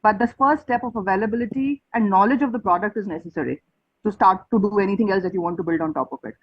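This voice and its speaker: A woman student answering in class, speaking quickly and directly. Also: mid-range voice, breathy edge, highs cut off.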